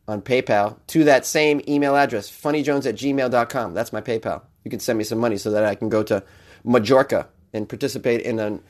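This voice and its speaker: A man's voice: medium pitch, brisk. A man hosting his own podcast in a loose, jokey, rambling way, often laughing at his own lines. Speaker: podcast host. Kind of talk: casual solo podcast chat.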